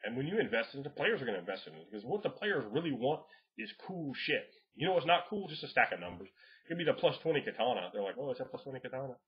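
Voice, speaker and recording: A man giving casual game master advice in a rambling, profane way, laughing often and acting out players in quick voices. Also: medium pitch, sing-song, husky. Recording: dull lo-fi home recording.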